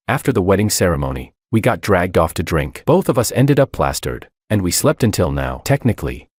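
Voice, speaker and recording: A man with a very low voice narrating a dramatic first-person story, his pitch rising and falling lively. The sound is dry and close, with no room around it. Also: dry recording.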